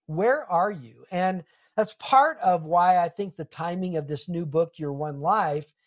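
A middle-aged man, a pastor and author, talking earnestly and reflectively in an interview, with a touch of humor. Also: a little high. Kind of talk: conversational interview.

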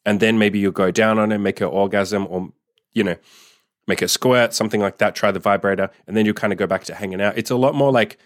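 A man's voice: on the low side, steady tone, quick pace, no room sound, studio quality. A man coaching listeners in a blunt, profane, laid-back advice monologue. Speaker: dating and sex coach.

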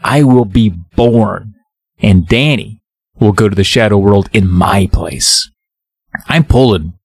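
A man's voice: lowish voice, no echo, voice pushed down. A man voicing an evil male shadow ghost in a casual retelling of a children's book.

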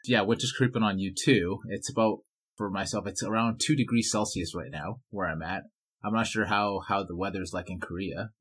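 A man's voice: low voice, a little fast, a bit bright, slightly rough. A man from Vancouver hosting a casual podcast interview, friendly and enthusiastic. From Vancouver, Canada. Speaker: podcast host.

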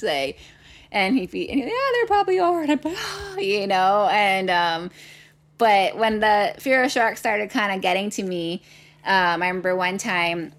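A woman from Hawaii telling a personal story in conversation, animated and full of "like" fillers. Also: lowish voice. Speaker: guest.

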